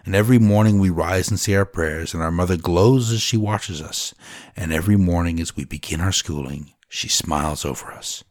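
A man narrating a dramatic first-person story in a solemn, deliberate way, at times dropping to a whisper. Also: deep voice, a little mellow, no echo, studio quality.

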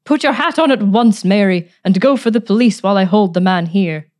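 A woman's voice: medium pitch, fairly quick, a little mellow, natural voice. A woman voicing a spiteful, domineering aunt with a harsh, grating voice in a read-aloud story. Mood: commanding. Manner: imperious, sullen, commanding.

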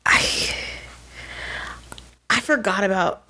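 A young woman co-hosting a podcast, talking casually about a TV episode, excitable and emotional, with lots of "like" fillers. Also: medium pitch, slow pace. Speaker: podcast co-host.

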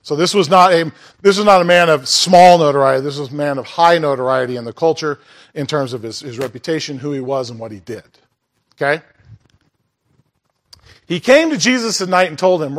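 A man's voice: a little high, lively intonation, fairly quick. A man preaching a sermon in a church in a conversational way, asking the congregation questions and making asides. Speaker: pastor.

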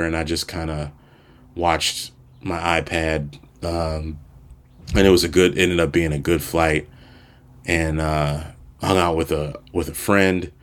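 A man from Maryland hosting his own podcast, telling a loose personal story at home with many fillers and restarts. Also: deep voice. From Prince George's County, Maryland. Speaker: podcast host. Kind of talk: casual solo storytelling. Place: home room.

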